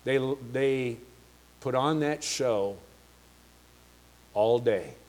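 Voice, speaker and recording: A man preaching a sermon, slow and emphatic, asking the congregation rhetorical questions. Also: mid-range voice, darkish tone. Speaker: pastor.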